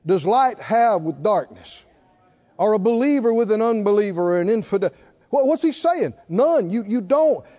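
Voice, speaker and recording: A man's voice: high-pitched, mellow. An older man preaching a sermon in an emphatic, folksy way with bits of humor, on a slightly dull lo-fi recording. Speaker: pastor.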